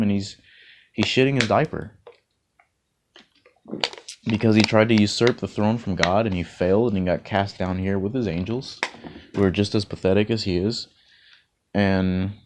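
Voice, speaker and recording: Low-voiced man in rambling monologue. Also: a little mellow. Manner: rambling, repeats words, chuckles often. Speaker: vlogger. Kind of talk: casual spoken monologue of encouragement.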